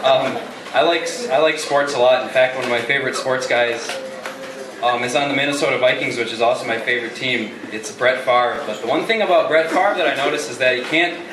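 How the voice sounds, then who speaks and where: A man doing a hesitant, halting stand-up routine at an open mic. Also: mid-range voice, recorded from a distance. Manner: hesitant, halting, restarts often. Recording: echoey room, mic from afar, noisy.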